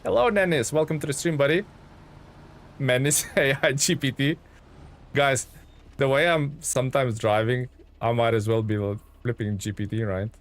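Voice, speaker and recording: A man's voice: medium pitch, normal speed. A man live-streaming a truck game, chatting to viewers, thanking them and thinking aloud with ums and chuckles. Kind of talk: live gameplay stream commentary.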